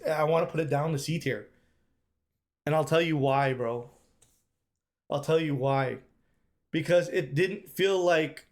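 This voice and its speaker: A man streaming live, giving casual, emphatic commentary and repeating his points, often calling the chat "bro". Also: on the high side.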